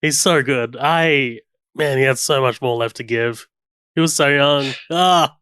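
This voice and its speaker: Smooth-voiced man gushing about a film. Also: mid-range voice, measured pace, bright, forceful tone, no echo, studio quality. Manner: enthusiastic, recounts scenes and hums the score. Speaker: podcast co-host. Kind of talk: casual film commentary chat.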